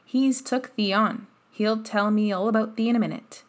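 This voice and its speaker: A woman's voice: medium pitch, steady tone, natural voice. Woman doing an easygoing Yorkshire moor boy. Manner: easy, unhurried dialect speech.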